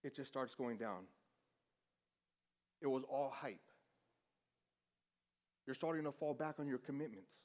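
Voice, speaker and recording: A man's voice: mid-range voice, unhurried, long pauses, darkish tone. A man preaching a sermon in a casual storytelling way, self-deprecating and acting out the dialogue. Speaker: pastor.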